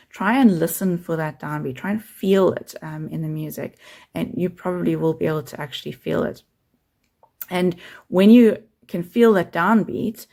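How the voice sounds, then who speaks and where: Low-voiced woman with vocal fry, patient music teacher, counts beats aloud. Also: a little mellow. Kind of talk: keyboard lesson.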